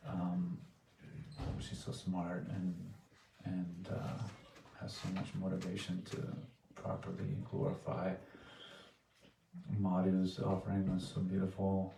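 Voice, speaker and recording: A man giving a heartfelt devotional offering in a temple hall, earnest and soft-spoken, halting and restarting his sentences. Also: sits low, monotone, gravelly. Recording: echoey room, distant mic, faint noise.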